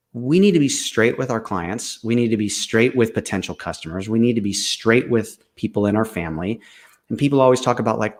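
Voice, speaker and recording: A man co-hosting a livestream on leadership, talking candidly and with emphasis, repeating his phrases to drive a point home. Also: mid-range voice. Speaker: co-host. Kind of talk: casual livestream talk.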